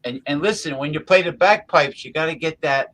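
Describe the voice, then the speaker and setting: Guy hosting a livestream, kinda high voice, stops and restarts a lot, lots of uh and um, keeps saying listen. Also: fairly bright tone, low-quality recording. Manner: halting, restarts with many fillers. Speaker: livestream host. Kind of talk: casual livestream chat.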